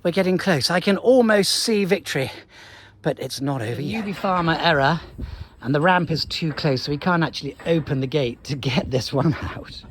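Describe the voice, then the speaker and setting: Chatting casually to the camera as he coaxes his cattle, a man vlogs from his farm and a livestock market. His voice is a little high and his speed normal, with a faint hiss or hum.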